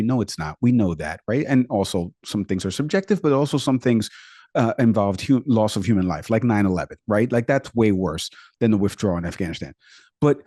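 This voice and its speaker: A man co-hosting a political chat podcast. His voice is low and mellow, recorded dry and close. He talks in brisk, emphatic bursts. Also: lively intonation, no echo. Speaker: podcast co-host.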